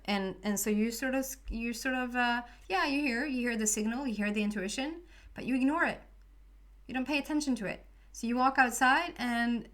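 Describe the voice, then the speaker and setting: A woman's voice: mid-range voice, a bit bright. A woman giving a casual spoken tarot reading, rambling with many fillers and restarts. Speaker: tarot reader.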